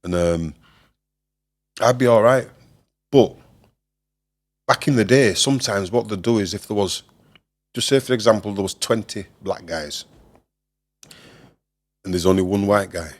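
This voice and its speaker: Low-voiced Leeds man telling stories. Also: measured pace, long pauses. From Leeds, England. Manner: swears freely, often laughs, acts out the people in his stories. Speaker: former boxer, guest. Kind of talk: casual storytelling interview.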